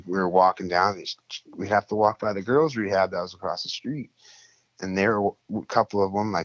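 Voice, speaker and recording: A young man with a lowish voice tells a rambling, swear-filled story in casual chat. He gets animated and lifts his voice when he acts out what others said. The recording is dry and slightly dull. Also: no echo. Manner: profane, rambling, animated when quoting people.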